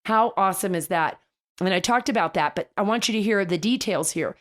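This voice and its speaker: A woman host delivers casual political radio commentary in an enthusiastic, chatty way. Her pitch sits in the middle range, and she often restarts her sentences mid-thought. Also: fairly quick. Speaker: talk show host.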